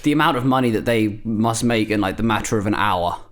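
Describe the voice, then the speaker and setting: A man's voice: lowish voice, fairly quick. A man in his twenties, co-hosting a casual chat podcast, telling stories with swearing and laughter. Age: 20s. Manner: animated storytelling with swearing and laughter. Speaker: podcast co-host.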